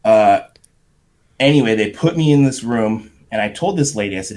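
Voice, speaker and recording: A middle-aged man, a podcast guest, telling a profane, animated story in casual talk. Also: fairly low pitch, moderate pace. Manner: profane, animated anecdote with shouted quotes.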